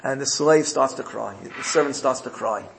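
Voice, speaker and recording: Gravelly man telling a sermon parable. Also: medium pitch, normal speed, background noise. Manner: animated storytelling, frequent self-corrections.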